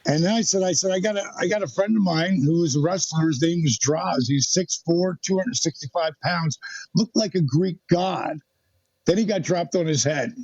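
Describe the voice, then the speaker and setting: Male guest, animated storyteller; higher pitch, raspy, recorded dry and dull. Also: moderate pace, no echo. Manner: animated, acts out quoted dialogue. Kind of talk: storytelling in a podcast interview.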